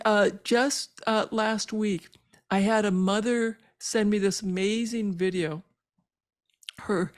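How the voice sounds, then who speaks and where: Her voice at medium pitch, an older woman who works as a physician tells her personal story on a podcast, haltingly and earnestly with frequent fillers. Reliving parts of it makes her emotional.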